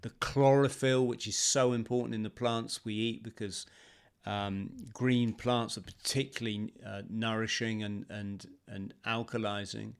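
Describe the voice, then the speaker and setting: A British man hosting a podcast interview, talking in a measured, reflective way with some hesitations. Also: fairly low pitch, fairly even intonation, vocal fry, clean tone. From Britain. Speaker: podcast host. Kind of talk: casual interview chat.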